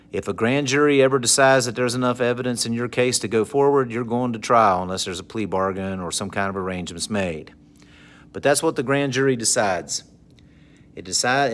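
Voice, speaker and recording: A man's voice: fairly low pitch, fairly bright tone. Joking man teaching civics. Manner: conversational, jokey, repeats points for note-taking. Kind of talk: recorded civics lesson.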